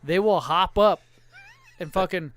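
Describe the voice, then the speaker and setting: A man's voice: sits high, a little slow. A middle-aged man telling crude stories as a podcast co-host, swearing freely and acting out the people in them. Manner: profane, animated, acts out voices in anecdotes. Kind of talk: crude casual storytelling.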